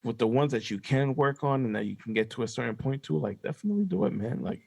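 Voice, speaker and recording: Laid-back gravelly man with a lisp. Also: medium pitch, lively intonation, a little mellow, no room sound. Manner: laid-back, rambling, drawn-out fillers. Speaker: podcast co-host. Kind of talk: casual chat.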